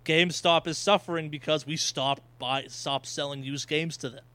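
A man's voice: a little high, fairly even intonation, normal speed, bright, forceful tone. A man co-hosting a casual gaming podcast, talking loosely and swearing offhand. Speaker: podcast co-host.

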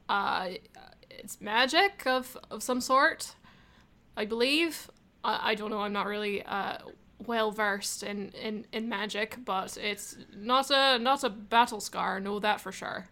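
A woman playing a captain in a tabletop role-playing game, hesitant and halting, repeating words as she thinks. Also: medium pitch, bright, forceful tone. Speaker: player.

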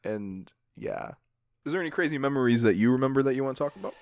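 A young man in his twenties chats casually on a podcast, retelling school stories with lively put-on voices. His voice has a middle pitch. It is recorded close and dry, with no room sound. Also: fast talker, dry recording. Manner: animated storytelling, acts out voices. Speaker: podcast host. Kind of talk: casual chat.

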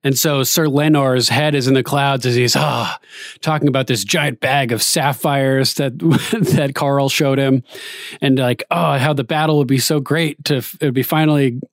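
A man's voice: mid-range voice, fairly even intonation, moderate pace, no echo, studio quality. A man casually recapping a TV episode, laughing often and acting out the characters' lines in playful paraphrase. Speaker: show recapper.

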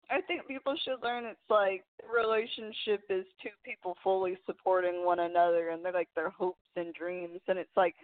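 A woman's voice: lowish voice, no room sound. A woman co-hosting a casual chat who teases her partner and gives her opinions freely. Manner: teasing, opinionated, quick to react. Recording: dry, phone-like narrow sound.

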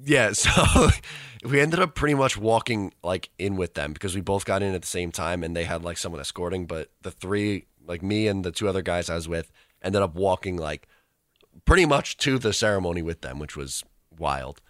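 A man's voice: low voice, normal speed, fairly bright tone, no room sound, studio quality. A young man co-hosting a casual chat, rambling through an anecdote and laughing as he tells it. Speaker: co-host, student radio reporter.

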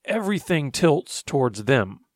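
A man's voice: medium pitch, big pitch swings, unhurried, dry recording, clean studio sound. A man co-hosting a conversation, reflecting aloud and summarizing what he hears, often murmuring agreement. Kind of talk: conversational talk show.

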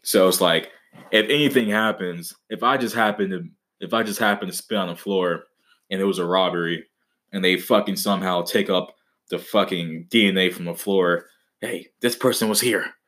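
A young man with a deep, low voice, hosting a casual comedic podcast monologue. He swears freely and jokes around, breaking into mock-dramatic outbursts. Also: fairly even intonation, normal speed, fairly bright tone. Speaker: podcast host.

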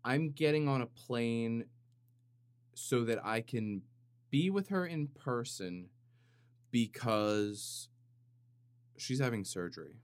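A man talks into a compressed studio microphone in a small, dry room, hosting his own podcast. His voice sits at a medium pitch, and he rambles through a comic monologue, cutting himself off and stretching moments for mock drama. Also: lively intonation, slow pace, pauses often, clear, resonant tone, no echo. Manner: rambling, self-interrupting, jokey and dramatic. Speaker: podcast host. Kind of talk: casual comedic monologue.

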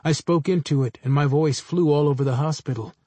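A man reading a first-person story aloud in a measured, dry storytelling manner. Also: a little high, warm tone, no room sound. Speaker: narrator.

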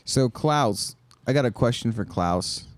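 A man co-hosting a casual podcast, asking quick, joking questions on a close mic. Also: mid-range voice, expressive, no room sound. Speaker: podcast co-host.

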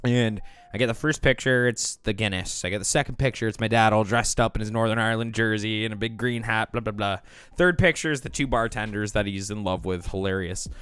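A man's voice: fairly low pitch, a little fast, fairly bright tone, clean tone, no echo. A young man hosting a podcast, telling stories in casual chat, laughing often and swearing freely. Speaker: podcast host.

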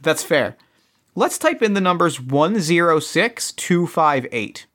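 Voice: medium pitch, very animated, slow, fairly bright tone. A player in an escape-room game who thinks aloud, restarts sentences and jokes at their own expense. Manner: restless restarts, self-mocking.

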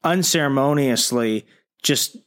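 Brief: male co-host, fired-up fan rant, mid pitch. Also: unhurried, fairly bright tone. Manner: fired-up, ranting. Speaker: podcast co-host. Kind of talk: casual comic podcast chat.

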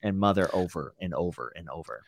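A laid-back man with a low voice co-hosting a podcast, chatting casually about a book. He talks in loose slang and gets excited about far-out theories. The recording is dry and close. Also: fairly quick, gravelly, dry recording. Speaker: podcast co-host.

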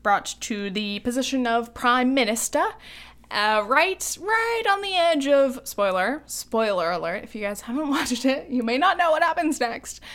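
Young woman podcasting, giggly and rambling, kinda high voice, lots of ums. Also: expressive, measured pace, a bit bright. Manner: chatty and giggly, many ums and likes. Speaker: podcast co-host. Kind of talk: casual chat.

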